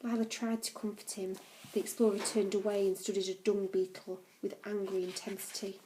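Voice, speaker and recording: A woman reading a novel aloud in a calm, even storytelling manner. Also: mid-range voice, a little fast, slight background noise, poor audio. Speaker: audiobook reader.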